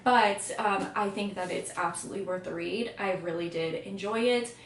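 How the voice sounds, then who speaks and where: A woman's voice: mid-range voice, moderate pace, roomy sound, recorded from a distance, a little hiss or hum. A woman giving an emotional, chatty book review in a casual vlog.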